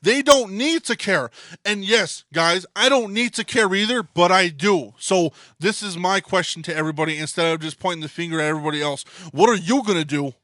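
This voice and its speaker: A man rants on a casual podcast, emphatic and swearing freely. His voice is bright and forceful, a bit higher than most men's. The recording is dry and close. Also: a little fast, few pauses, no room sound. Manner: swears constantly, fired-up and emphatic. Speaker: podcast co-host. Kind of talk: heated casual rant.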